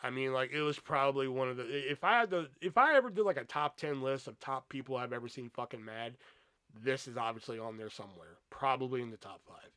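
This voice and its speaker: Animated, cursing young man telling stories. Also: medium pitch, fairly quick, clean tone, no echo. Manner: profane, rambling, animated storytelling. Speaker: podcast host. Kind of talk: casual storytelling monologue.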